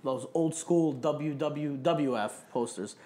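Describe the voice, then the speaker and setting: A man's voice: fairly high pitch, slow pace, mellow. A man hosting a casual interview, chatting easily and sharing old wrestling trivia. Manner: friendly, chatty, drops wrestling history trivia.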